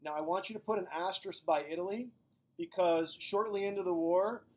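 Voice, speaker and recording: A middle-aged man giving a recorded history lecture in a casual, joking way. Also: sits high. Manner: casual, acts out countries in quick silly voices. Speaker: history teacher.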